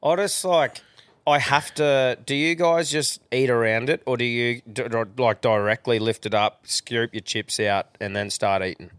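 A man's voice: medium pitch, fairly even intonation, a bit bright, clean tone, no room sound. A man hosting a podcast, chatting casually, swearing often and laughing easily. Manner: laid-back, heavy swearing, quick to laugh. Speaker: podcast host. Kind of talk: casual chat.

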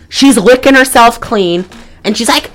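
A woman's voice: fairly high pitch, a little slow. A woman co-hosting a podcast in casual chat, blunt and exasperated, rambling with many restarts. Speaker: podcast co-host.

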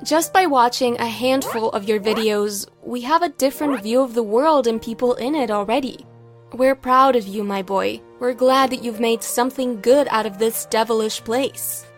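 A woman voicing a strict, religious middle-aged mother in an animated story, firm and scolding. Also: on the high side, moderate pace, soft background music, close to an everyday voice. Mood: proud.

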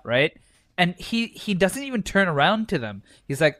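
Excitable man dramatizing wrestling reactions. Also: fairly high pitch, moderate pace, no echo. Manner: excitable, acts out reactions with shouted quotes; swears freely. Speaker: podcast co-host. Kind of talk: casual wrestling chat.

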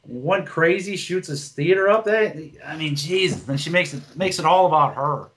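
A man's voice: fairly high pitch, animated, moderate pace, a bit bright. A man who does stand-up, chatting on a podcast in a blunt, rambling way with lots of swearing and restarts. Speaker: podcast co-host, stand-up comic. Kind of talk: casual podcast chat.

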